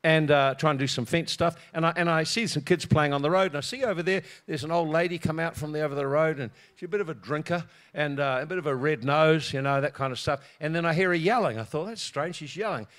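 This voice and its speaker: A middle-aged preacher man, sounding a little higher than most men. He tells a personal story in a sermon, laughing often and restarting his words as he goes. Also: fast talker, few pauses, fairly bright tone.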